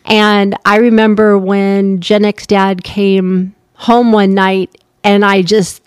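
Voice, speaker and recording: A middle-aged woman co-hosting a podcast, with a mid-range voice recorded close and dry. She speaks candidly and with sympathy, adding quick asides as she talks. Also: mid-range voice, level tone, clean tone, dry recording. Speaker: podcast co-host. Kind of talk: casual chat.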